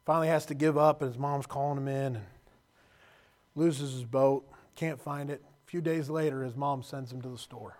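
A man preaching a sermon, telling stories with emotion and moving from loud passages to quiet, hushed ones. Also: mid-range voice, steady tone, moderate pace.

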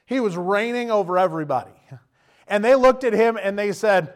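Preacher, male, high voice, animated delivery that swells to loud emphatic bursts. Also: a little fast. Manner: direct questions to the listener. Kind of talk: sermon.

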